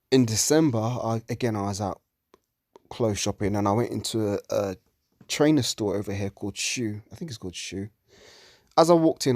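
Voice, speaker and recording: A man's voice: fairly low pitch, a little mellow, no echo, clean studio sound. Heated, swearing man ranting. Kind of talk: religious commentary monologue.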